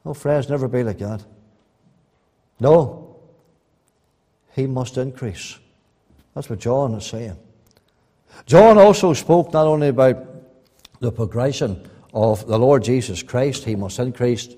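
A man preaching a sermon, swinging between loud rising appeals and quiet, earnest asides. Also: mid-range voice, lively intonation, a little slow, long pauses. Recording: long hall reverb.

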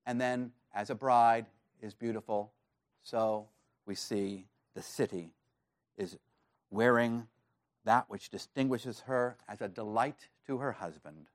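A man delivers a sermon from the pulpit in a mid-pitched voice, recorded close with little room sound. He speaks earnestly and builds to excited, emphatic peaks. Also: slow pace, dry recording. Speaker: pastor.

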